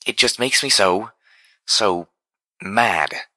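A man's voice: deep voice, animated, a little fast, bright, forceful tone, no room sound, full character voice, poor audio. A man voicing a dramatic, prim young mare, theatrical and petulant, in an audiobook reading. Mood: indignant.

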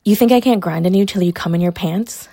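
A young adult woman voices an audio role-play in a teasing, mocking way, laughing often. Her mid-range voice carries a gravelly fry. The sound is dry and close, with no room echo. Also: on the low side, brisk, dark tone. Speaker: college athlete character in an audio role-play.

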